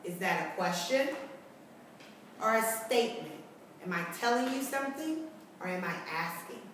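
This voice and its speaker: A woman teaching kindergarten, explaining a reading lesson slowly and clearly, often asking questions back. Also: mid-range voice, lively intonation, fairly bright tone, very echoey, far from the mic, slight background noise, low-quality recording. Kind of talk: recorded tutorial lesson for parents and children.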